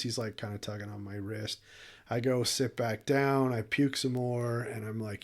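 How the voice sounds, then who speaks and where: A podcast co-host tells a story in casual chat, his medium-pitched voice keeping a fairly even intonation at a moderate pace. He's candid, emotional and profane, and he laughs often.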